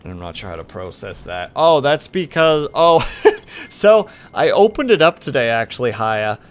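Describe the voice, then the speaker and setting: A man's voice: medium pitch, very animated, moderate pace, clear, resonant tone. A man streaming a game, chatting casually with his viewers while he plays and hopping between the game and replies to chat.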